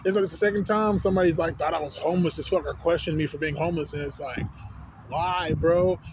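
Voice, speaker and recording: Brief: high, quick-talking man, profane animated street rant, outdoors with faint city noise. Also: rough recording. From Texas. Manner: profane, animated storytelling with slang fillers. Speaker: vlogger. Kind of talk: casual rant to camera.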